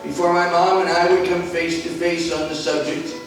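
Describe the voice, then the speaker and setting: A man in his sixties from Philadelphia, telling a personal testimony with deliberate, dramatic pauses. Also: on the high side, little pitch movement. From Philadelphia, USA. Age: 60s. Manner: deliberate, dramatic pauses, acts out quoted voices. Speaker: gospel singer and speaker. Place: large stone church. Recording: echoey church from far off, faint music.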